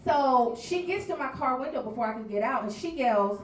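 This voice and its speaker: A woman performing a stand-up set, telling her stories in a brash, loud way with big swings in volume. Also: sits high, animated, moderate pace, far from the mic, a little hiss or hum. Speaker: stand-up comedian. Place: bar comedy stage before a live crowd. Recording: echoey bar room recorded from afar.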